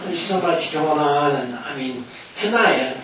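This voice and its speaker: A man's voice: a little high, expressive, a little slow, sharp tone, distant mic, slight background noise. Chatty man storytelling in an echoey room. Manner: chatty storyteller, chuckles often, many fillers. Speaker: author giving a talk. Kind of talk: anecdotal talk to an audience. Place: meeting room with an audience.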